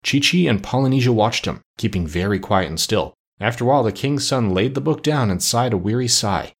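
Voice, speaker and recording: A man reading a children's storybook aloud in a measured, expressive narration. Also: mid-range voice, slightly rough. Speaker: audiobook narrator.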